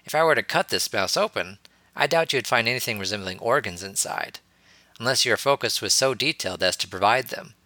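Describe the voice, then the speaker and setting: A man's voice: medium pitch, animated, fairly quick, sharp tone, no echo. A man doing a teasing young wizard. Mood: teaching. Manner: teasing, amused. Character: playful, teasing young male wizard teacher.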